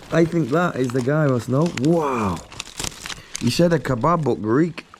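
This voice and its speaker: A young man, chatting excitedly to camera on a travel vlog, slangy and laughing often. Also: mid-range voice, takes it slowly, a little hiss or hum. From England. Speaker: travel vlogger. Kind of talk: casual vlog chat to camera. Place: glamping site outdoors.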